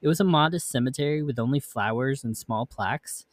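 A man's voice: medium pitch, brisk, no echo. Man reading ghost stories with asides. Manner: reads text, then breaks off into offhand comments. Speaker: podcast host.

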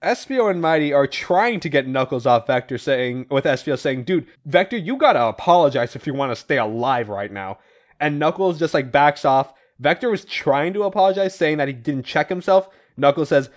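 A man co-hosting a podcast, casually retelling comic book issues with animated voiced quotes and the odd swear. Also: on the high side, normal speed. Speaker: podcast co-host recapping comics. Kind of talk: casual comic recap chat.

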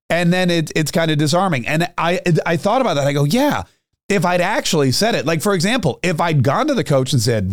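A man's voice: fairly high pitch, animated, a little fast, no echo, studio quality. A middle-aged man hosting a talk show, telling a rambling, self-mocking story in a casual monologue. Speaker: radio talk show host.

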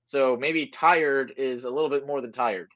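A man's voice: mid-range voice, normal speed, no room sound. Man co-hosting with a dull, dry sound. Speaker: podcast co-host. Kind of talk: casual sports podcast chat.

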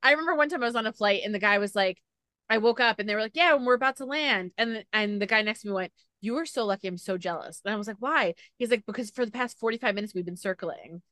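Fast, bright-voiced chatty woman host. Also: medium pitch, dry recording, clean studio sound. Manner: chatty, frequent "like" fillers, animated retelling. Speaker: podcast host. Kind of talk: casual podcast chat.

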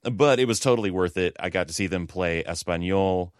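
A man hosting a casual sports podcast, telling a relaxed, reflective story. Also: low-pitched, fairly quick, clear, resonant tone, no room sound, studio quality. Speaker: podcast host. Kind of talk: casual chat.

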